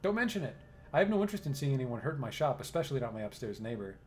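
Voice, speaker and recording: A man reading game dialogue aloud, voicing a cultured and polite middle-aged male engineer who speaks in a formal, measured way. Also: mid-range voice, sing-song, a little mellow, a little hiss or hum, close to an everyday voice.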